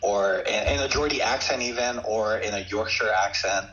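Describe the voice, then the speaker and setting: A man's voice: on the low side, normal speed, a bit bright, dull audio. A man co-hosting a podcast in casual chat, hesitant and filler-heavy as he talks it through. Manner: hesitant, many fillers and restarts. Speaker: podcast co-host.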